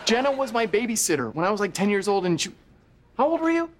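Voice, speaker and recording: A goofy, excitable young man from a sitcom, who talks in a fairly high voice that bounces all over the place. He is energetic and playful. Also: fast. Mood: excited. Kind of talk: sitcom acting.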